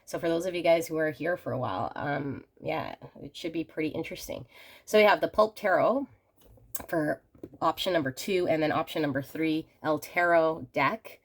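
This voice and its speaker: A woman with a low voice hosts a pick-a-card tarot reading, speaking straight to her viewers. She sounds slightly hoarse from a cold, and her way of talking is gentle and reassuring. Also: lively intonation, normal speed. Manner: gentle, reassuring, addresses viewers warmly as friends. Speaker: tarot reader and channel host.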